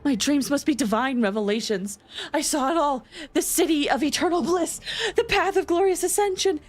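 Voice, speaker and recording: A woman's voice: sits high, normal speed, pitched above the performer's own voice, natural voice. A woman voicing a devout young female acolyte who speaks with earnest, fervent reverence.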